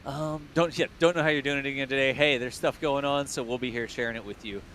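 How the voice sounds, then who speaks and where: A man co-hosting a launch livestream in casual, joking chat, his voice worn hoarse. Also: mid-range voice, steady tone, fast, fairly bright tone, slight background noise. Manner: joking, laughs often. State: losing his voice. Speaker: livestream co-host.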